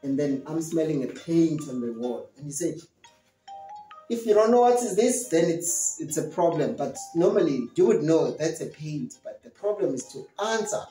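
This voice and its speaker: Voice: mid-range voice, big pitch swings, moderate pace, dark tone, faint music behind. A teacher giving a lesson to young learners, explaining step by step and acting out questions and answers in an encouraging way. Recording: roomy echo.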